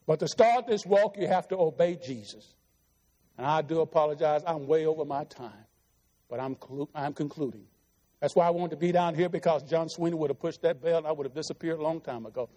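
A middle-aged man preaches a sermon in a church sanctuary, pleading earnestly with his listeners. His voice is a little high and a little mellow, and he speaks fairly quickly, with the long reverb of a church hall around him.

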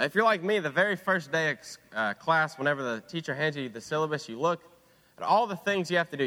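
Young man preaching in a reverberant hall. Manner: earnest, drops low and quiet on quoted words. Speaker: student preacher. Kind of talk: sermon.

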